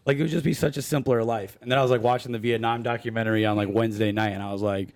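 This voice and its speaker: A man's voice: medium pitch, fairly even intonation, racing, hardly any pauses, no room sound. A man hosting a comedy podcast, bantering crudely and laughing often. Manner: profane, joking, laughs often. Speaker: podcast host.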